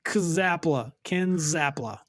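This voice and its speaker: A man co-hosting a casual comedy podcast, delivering dry, deadpan jokes. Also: on the high side, dry recording. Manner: dry, deadpan jokes, drawn-out name reading. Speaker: podcast co-host. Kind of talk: casual chat.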